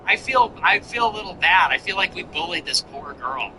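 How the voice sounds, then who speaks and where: A man's voice: high-pitched, animated, normal speed, pushed and bright, a little hiss or hum, rough recording. A man hosting a solo political commentary show, sarcastic and mock-sympathetic, often breaking into laughter.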